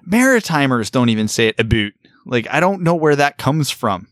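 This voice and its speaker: A man's voice: a little high, very animated, a little fast, fairly bright tone, no echo. Dry-sounding man breaking down hockey talk. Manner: analytical, talks through rhetorical questions. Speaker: podcast co-host. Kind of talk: casual sports podcast chat.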